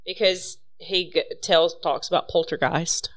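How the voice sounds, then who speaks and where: Young woman, low smooth voice, dry close sound, wry game-night banter. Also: fairly even intonation, measured pace, fairly bright tone, dry recording. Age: 20s. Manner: jokey, wry, plays with silly voices. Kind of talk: casual group chat.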